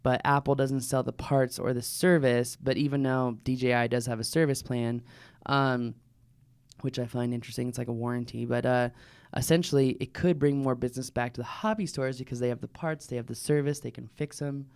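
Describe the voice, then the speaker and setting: A man's voice: medium pitch, steady tone, fairly quick, a little mellow, clear, resonant tone, no echo, clean studio sound. A man co-hosting a casual podcast, talking with enthusiasm. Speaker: podcast co-host. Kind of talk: casual chat.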